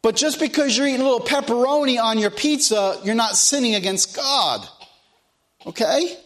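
High-voiced folksy preacher man. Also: moderate pace, fairly bright tone. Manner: folksy, repeats phrases for emphasis. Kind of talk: sermon.

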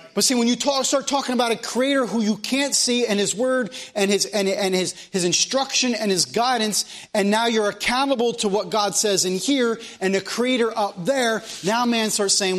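A man's voice: high voice, a bit bright. A man preaching a sermon as pastor of a church, in plain country speech, asking the room question after question.

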